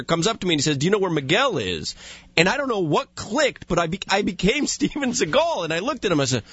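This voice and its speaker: A man's voice: sits high, highs cut off, slight background noise. A man co-hosting a radio talk show, telling mocking stories in casual banter. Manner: animated, mocking storyteller.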